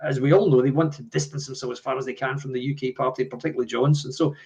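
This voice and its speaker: A man's voice: medium pitch, fairly even intonation, rapid-fire, a little mellow. A man co-hosting a live political talk show, who explains things and agrees readily. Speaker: co-host.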